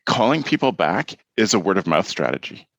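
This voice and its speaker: A man's voice: low-pitched, sing-song, brisk, gravelly, a bit bright, no echo, muffled recording. A man in his thirties hosting a podcast, chatting candidly and telling stories with a frank, mildly profane edge. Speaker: podcast host. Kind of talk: casual podcast chat.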